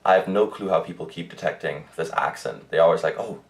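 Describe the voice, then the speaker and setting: Deep-voiced young man from Germany chatting. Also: fairly quick. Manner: chatty, rambling, many fillers and restarts. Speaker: pet vlogger. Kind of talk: casual monthly update vlog.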